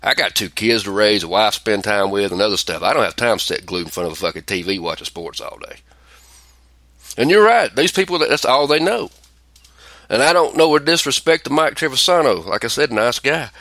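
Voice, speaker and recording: Animated, profane man ranting on a podcast. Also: medium pitch, dry recording. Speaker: podcast host. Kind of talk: casual chat.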